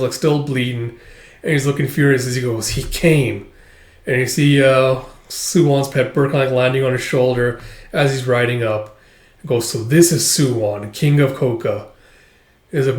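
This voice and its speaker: A manga reviewer with a mid-range voice recaps a volume in a rambling, casual retelling packed with fillers. The sound is roomy.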